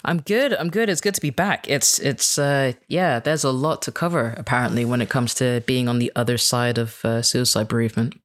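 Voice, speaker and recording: A woman's voice: extremely low pitch, steady tone, fairly quick, hardly any pauses. Reflective woman, British-leaning accent. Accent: mostly British with slight American twang. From Kenya. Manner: reflective, many fillers, laughs easily. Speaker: podcast guest. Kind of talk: casual podcast interview.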